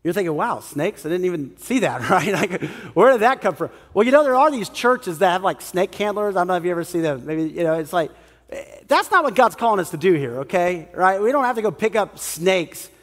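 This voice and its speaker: This pastor has a high voice and a brisk delivery, his sermon ringing through a large church hall. Animated throughout, he acts out each person in the story as he speaks.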